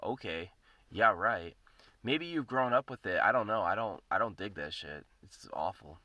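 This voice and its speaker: A man hosting his own podcast, delivering a profane, rambling rant that circles back on itself. His voice sits fairly low but has a bright, forceful edge, and the recording is dry and close with no room sound. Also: lively intonation, normal speed, dry recording. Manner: profane, rambling, repeats himself. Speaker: podcast host. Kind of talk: casual ranting monologue.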